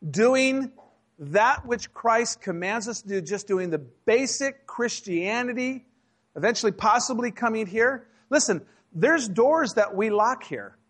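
A man's voice: high-pitched, expressive, unhurried, a bit bright. A man, a pastor, preaching a sermon in a church, in a conversational, joking way with acted asides. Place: church sanctuary.

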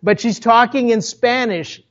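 A pastor from Minnesota with a Minnesotan accent, preaching a sermon in a conversational storytelling way, full of asides to the congregation. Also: male voice, extremely high pitch, unhurried, a bit bright, muffled recording. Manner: conversational, with self-interrupting asides.

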